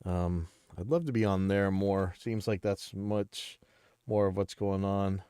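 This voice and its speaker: Stuffy male host, low voice, blunt rambling commentary, dry close sound. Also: fairly even intonation, a little slow, dark tone, smooth, no echo. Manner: blunt, rambling, many restarts. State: stuffy nose, clearing throat. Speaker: livestream host. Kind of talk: casual livestream commentary.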